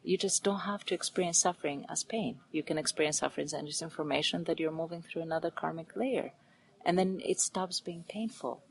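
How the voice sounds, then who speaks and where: A woman with a fairly low voice talks earnestly as a podcast guest about spiritual ideas. She is animated and at times drops to a near whisper to stress a point. A faint hum sits behind her. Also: brisk, gravelly, poor audio. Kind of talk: spiritual interview talk.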